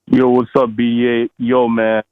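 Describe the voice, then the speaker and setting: A man's voice: medium pitch, completely flat delivery, unhurried, no echo, narrow, tinny audio. Stammering, profane male caller. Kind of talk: casual call-in chat.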